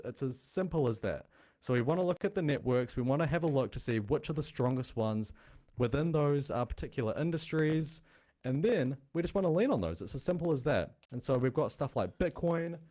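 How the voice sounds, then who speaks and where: A man's voice: mid-range voice, animated, fairly quick, dark tone. A man hosting a crypto show, explaining in a blunt, chatty way with a noticeable non-American accent. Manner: blunt, chatty, thinking aloud. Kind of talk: casual explainer talk.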